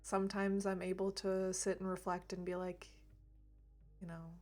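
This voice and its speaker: A woman speaking gently and reflectively on a livestream about emotions, laughing lightly now and then. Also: medium pitch, flat delivery, normal speed, soft background music. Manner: soft, reflective, laughs lightly, drops to near whisper at times. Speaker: reiki streamer. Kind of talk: gentle spiritual talk on a livestream.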